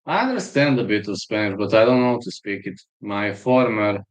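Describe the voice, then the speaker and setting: A man's voice: fairly low pitch, fairly quick, poor audio. A man with a Serbian accent, hosting a live fight stream and chatting in a rambling, storytelling way while reading chat aloud.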